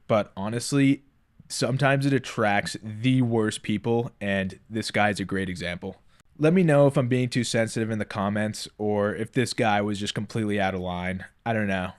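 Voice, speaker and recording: Man narrating his poker vlog, lowish voice, blunt and irritated. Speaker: poker vlogger. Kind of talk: scripted vlog voice-over.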